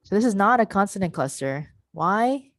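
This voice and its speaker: A woman presenting an online teacher workshop on pronunciation, explaining patiently and sounding out word parts slowly over a video call. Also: medium pitch, animated, no echo.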